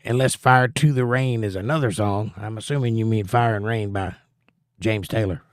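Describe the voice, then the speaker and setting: A man's voice: lowish voice, normal speed, no room sound. Folksy middle-aged man, dry close sound. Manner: easygoing, folksy, reads chat aloud. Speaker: livestream host. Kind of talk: casual chat reading viewer comments.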